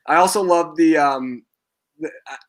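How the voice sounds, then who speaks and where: A young man hosting a live chat, excited and laughing, acting out quoted lines, his voice cracking from talking a lot. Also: on the high side, normal speed. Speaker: host. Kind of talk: casual live-stream chat.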